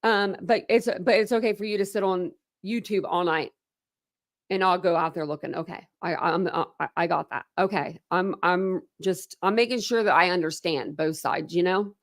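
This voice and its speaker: A woman's voice: fairly low pitch, normal speed. A woman YouTuber reading legal documents aloud and answering them with indignant, exasperated remarks. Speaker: true crime YouTuber. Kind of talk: reading court documents aloud with heated commentary.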